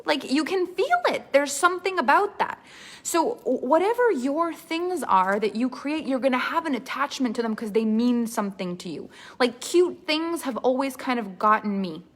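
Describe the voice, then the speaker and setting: A woman storytelling coach teaching a live online workshop in an animated, expressive way, laughing often. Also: high voice, moderate pace.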